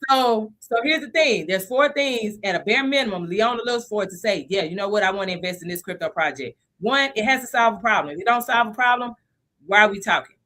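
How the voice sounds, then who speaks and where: Animated woman with a bright voice. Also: medium pitch, a little fast. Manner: animated, chatty, laughs often. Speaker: live stream host. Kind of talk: casual live stream teaching.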